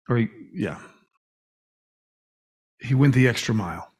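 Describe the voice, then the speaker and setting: Male pastor, earnest sermon delivery, slow emphasis on key words, average pitch. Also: lively intonation, darkish tone, breathy edge. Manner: earnest, with stretched emphatic words and brief restarts. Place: church sanctuary.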